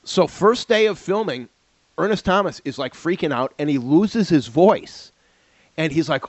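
A man co-hosting a casual podcast about old TV shows, telling stories with animated asides. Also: a little high, dry recording. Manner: animated storyteller, does quick impressions. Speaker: podcast co-host. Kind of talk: casual retro TV chat. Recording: dull lo-fi sound.

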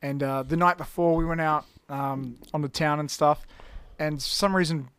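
Animated young guy, dry close sound. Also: a little high, clean tone, no room sound. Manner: animated, swears a lot, quick bursts. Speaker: podcast guest. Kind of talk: casual storytelling.

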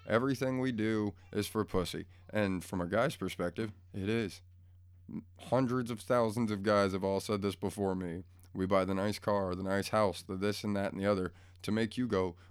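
A man's voice: on the low side, steady tone, normal speed, clean tone, no room sound, studio quality. A man in a casual, profane rant to his viewers, blunt and crude, rambling and easily pulled off track, recorded at home. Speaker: vlogger. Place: home room.

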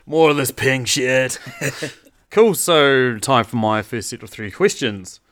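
A man's voice: mid-range voice, slow, fairly bright tone, no room sound. Eager film-nerd man, dry close sound. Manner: eager film buff, swearing, sharing trivia. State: drunk. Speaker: podcast co-host. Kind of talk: casual drunk movie chat.

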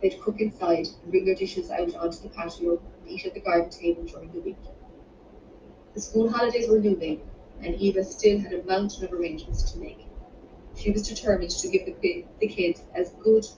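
A woman's voice: medium pitch, fairly even intonation. Woman reading her novel, roomy and muffled. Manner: measured, unhurried reading with small restarts. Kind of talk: audiobook narration. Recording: roomy, distant, muffled home recording with background noise.

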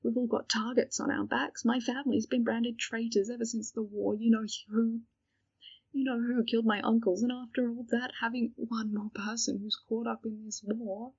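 Woman reading as a hesitant young witch, husky and gravelly, dull lo-fi sound. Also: a little high, little pitch movement, darkish tone, no echo. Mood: weary. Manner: hesitant, halting. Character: young witch, frank but frightened.

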